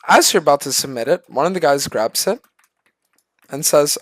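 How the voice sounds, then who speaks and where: A man's voice: on the high side, normal speed, dry recording. A man streaming a profane, storytelling rant, acting out the people he quotes. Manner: animated, profane, acts out other people in quoted voices. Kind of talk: ranting storytelling.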